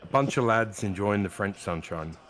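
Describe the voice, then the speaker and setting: Male co-commentator, low voice, joking around, still getting over a cough. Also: animated, moderate pace, fairly bright tone, slight background noise. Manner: jokey, banters with co-host. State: recovering from a cough. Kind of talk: live race commentary.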